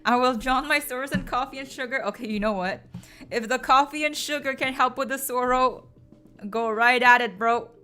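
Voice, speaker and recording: A woman's voice: high-pitched, moderate pace, sharp tone, soft background music. A young woman chatting casually and playfully with her stream viewers, full of slang and laughter.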